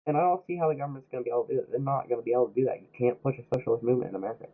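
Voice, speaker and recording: A young man streams a game while sick, heatedly ranting about politics, swearing constantly and mock-quoting others. His medium-pitched voice races along, and the audio is tinny and lo-fi, like a phone.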